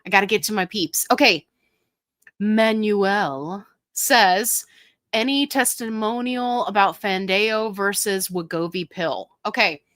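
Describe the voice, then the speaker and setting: A woman's voice: mid-range voice, slow, a bit bright, no echo. A woman hosting a casual livestream, chatting straight to her viewers and answering their questions, laughing often. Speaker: host of a livestream.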